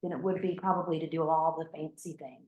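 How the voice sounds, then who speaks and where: Woman trainee thinking out loud, keeps restarting, lowish voice, echoey room. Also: fairly even intonation, fast talker. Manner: searching for words, restarts often. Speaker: yoga trainee. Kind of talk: sharing thoughts in a group discussion.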